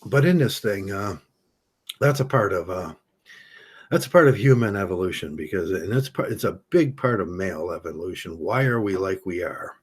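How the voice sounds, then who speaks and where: A man with a husky, low voice rambles through an opinion monologue. He halts often, trips over his words and starts sentences again before finding his point. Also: expressive. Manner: halting, many restarts and fillers. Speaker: vlogger.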